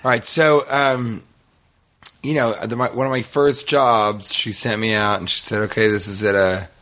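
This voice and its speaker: A man's voice: on the low side, normal speed. Rambling man telling a story. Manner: rambling, animated storytelling with laughs. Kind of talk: casual podcast chat.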